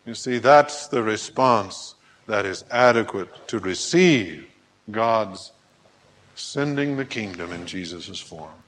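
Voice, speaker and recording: A man preaching a sermon who acts out scripture scenes in lively voices, at times hollering. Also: fairly low pitch, slow pace. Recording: long hall reverb.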